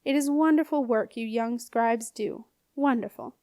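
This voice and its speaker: A woman's voice: fairly high pitch, measured pace, warm tone, no echo, clean studio sound, lightly acted. Woman reading a wary old-fashioned alchemist. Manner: old-fashioned wording, hesitant. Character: ancient alchemist in a young man's body, wary, archaic.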